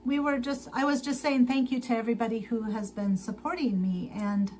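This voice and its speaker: A tired woman hosting a casual sewing livestream, chatting slowly to viewers and to herself as she works. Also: on the high side, a little mellow, faint music behind, rough recording. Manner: slow, chatty, talks to herself while working. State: tired and sleepy.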